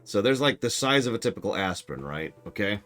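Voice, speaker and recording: A man streaming a game, chatting casually with viewers in a sarcastic, excitable way and swearing now and then. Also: fairly low pitch, quick pace, faint music behind.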